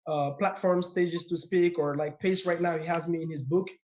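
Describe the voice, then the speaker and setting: A man with a non-native English accent, a podcast guest talking in an energetic, emphatic way and repeating words when excited. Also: fairly high pitch, normal speed. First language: not English; speaks four languages. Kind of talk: casual podcast conversation.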